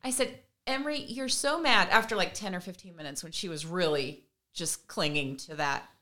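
Bright-voiced woman telling a lively story. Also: lowish voice, normal speed. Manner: animated, acts out remembered conversations with laughs. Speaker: podcast co-host and mother. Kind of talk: casual storytelling chat.

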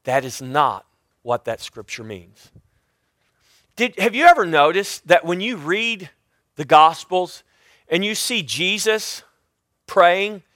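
A high-pitched man preaching with a loud, emphatic delivery, his voice bright and forceful. He often restarts his sentences as he teaches from scripture. The sound is dry and close, with no room echo. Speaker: Bible teacher. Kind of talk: sermon-style Bible teaching.

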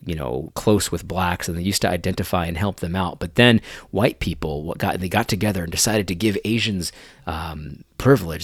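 A man's voice: low voice, slightly rough, dry recording, clean studio sound. A man commenting on video clips in an incredulous, mocking tone, often restarting his sentences.

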